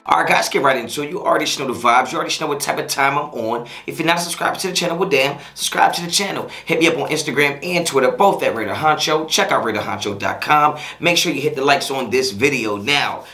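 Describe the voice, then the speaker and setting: A man's voice: fairly high pitch, fast talker, few pauses, pushed and bright, faint music behind. A man hosting his own sports fan channel, ranting in a casual reaction vlog, frustrated and repetitive with lots of slang.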